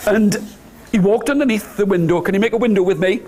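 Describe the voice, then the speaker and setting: A man telling an interactive story to nursery children, animated and coaxing them to join in. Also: sits high, quick pace, slight background noise. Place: nursery school room.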